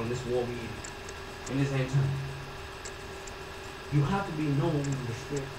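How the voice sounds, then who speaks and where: Woman preacher, emphatic, repetitive call-and-response, distant room mic in a reverberant hall. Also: low-pitched. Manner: call-and-response with the congregation, swinging from loud to hushed. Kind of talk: sermon. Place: church or ministry hall. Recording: echoey hall, distant mic, background noise.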